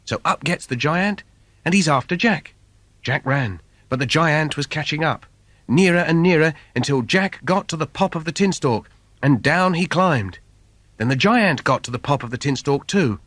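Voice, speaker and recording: Lively man telling a silly fairy tale. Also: on the high side, moderate pace, dry recording. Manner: playful, sing-song storytelling with wordplay. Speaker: storyteller. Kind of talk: comic fairy-tale reading for children. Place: recording studio. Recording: dry studio recording.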